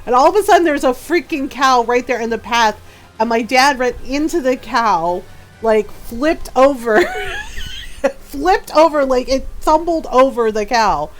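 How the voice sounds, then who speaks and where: Woman, higher voice, casual gameplay chatter, laughs often, faint music behind. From her father's home in Texas. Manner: laughs often while telling stories. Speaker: streamer.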